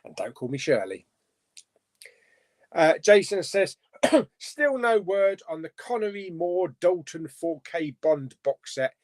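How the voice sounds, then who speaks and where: A man's voice: on the high side, big pitch swings, slow, darkish tone. A man hosting a casual live stream chat, reading out viewer comments and chatting about them.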